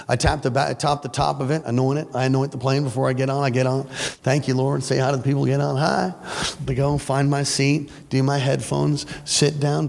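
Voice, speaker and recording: Gravelly preacher man in an echoey hall. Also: mid-range voice. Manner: animated, playful, folksy, acts out stories. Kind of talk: lively storytelling sermon. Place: church before a congregation. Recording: echoey church hall with faint ambience.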